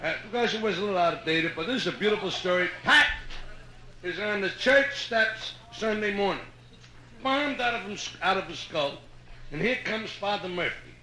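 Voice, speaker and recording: A man's voice: sits high, lively intonation, moderate pace, pushed and bright. A man with a Brooklyn accent doing live stand-up in a brash, punchy way on a hotel nightclub stage. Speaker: stand-up comedian. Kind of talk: live stand-up joke telling. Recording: echoey live room with crowd noise.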